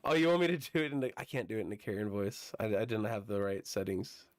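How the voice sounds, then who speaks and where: A man streaming a video game, chatting casually and bantering with viewers, his voice a bit hoarse from a recent illness. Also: on the low side, quick pace, no echo. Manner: joking, bantering with chat.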